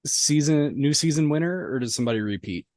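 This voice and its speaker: A man's voice: a little high, lively intonation, fairly quick, a little mellow, dry recording, studio quality. A man co-hosting a casual podcast, chiming in with brief questions and short reactions. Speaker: podcast co-host. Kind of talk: casual chat.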